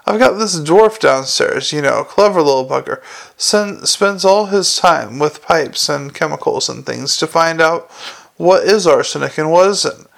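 Man doing a gravelly sarcastic cop boss, fake-polite then snarly, audiobook style. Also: a little high, a little slow, fairly bright tone. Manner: mock-innocent sarcasm with a snarling edge. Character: sardonic, gruff middle-aged male watch commander.

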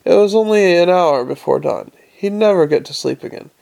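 A man reading a novel aloud with lively, slightly stumbling narration. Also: high voice, a little fast, vocal fry. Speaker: audiobook narrator.

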